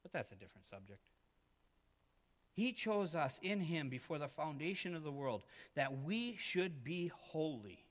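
A pastor preaches a full sermon in church, his fairly high, sing-song voice carried by a long hall reverb at a measured pace. He swings between loud, emphatic peaks and hushed, intimate asides.

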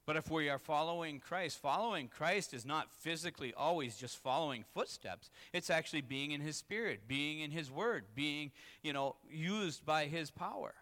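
Pastor guy preaching, kinda high voice, bright and forceful, big hall reverb. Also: moderate pace, hardly any pauses. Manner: candid, confessional, rises to emphatic peaks. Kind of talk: sermon.

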